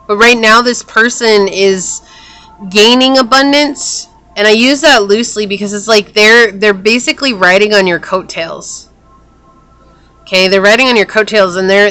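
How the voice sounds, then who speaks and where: A woman's voice: mid-range voice, pushed and bright. A woman talks through a tarot spread in a loose, chatty way, with a mid-range voice. She leans on fillers and restarts, and she breaks off now and then for hiccups. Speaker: tarot reader. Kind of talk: casual spoken tarot reading.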